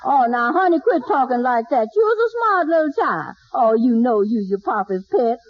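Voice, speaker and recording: An actress playing a devoted, easily flustered maid in a 1940s radio sitcom, who keeps calling everyone honey, on a dull old broadcast recording. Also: female voice, sits high, moderate pace, no room sound. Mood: fussing. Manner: calls everyone honey, excitable.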